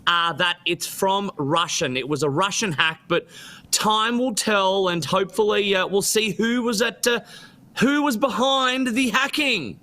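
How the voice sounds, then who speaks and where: A man's voice: high voice, measured pace, sharp tone. A man hosting a radio talk show in an easygoing, conversational way.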